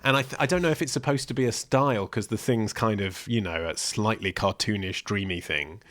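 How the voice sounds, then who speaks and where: A man's voice: fairly low pitch, brisk, a bit bright. A man co-hosting a podcast in casual chat, talking chattily and laughing and swearing easily. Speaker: podcast co-host.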